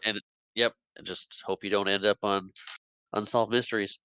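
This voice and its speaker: A man's voice: on the low side, flat delivery, moderate pace, bright, forceful tone, clean tone, no room sound. A man co-hosting a podcast, chiming in with short agreements and jokes and chuckling a lot. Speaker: podcast co-host. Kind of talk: casual movie recap chat.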